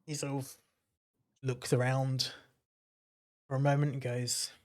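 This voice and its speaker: A man's voice: mid-range voice, little pitch movement, slow, a little mellow. A man narrating a tabletop game as game master, in a loose, rambling way with many fillers.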